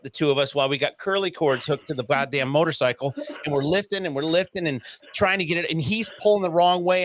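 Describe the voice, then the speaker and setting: A man's voice: fairly high pitch, quick pace, a bit bright. A man telling a story as an interview guest, in casual talk that acts out the quoted voices and swears freely.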